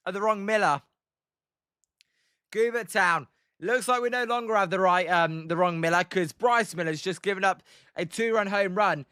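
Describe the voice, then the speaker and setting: A man with a British accent giving excitable live play-by-play commentary as a streamer, greeting viewers and chatting between pitches. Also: clean tone, dry recording, studio quality. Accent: British English. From Britain. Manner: chatty, excitable, greets viewers and reads chat mid-call.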